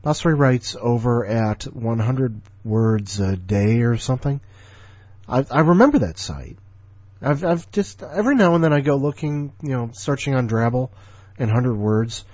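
A man's voice: medium pitch, lively intonation, a little slow, a little mellow, dry recording, lo-fi sound. A man in his forties hosting a podcast, rambling casually in an offhand, grumbling, sardonic way. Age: 40s. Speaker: podcast host.

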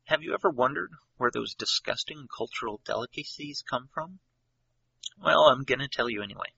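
Gravelly, sharp-voiced man reading. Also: mid-range voice, lively intonation, a little fast, no room sound. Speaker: story contributor. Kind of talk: reading a short story aloud. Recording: dry lo-fi recording.

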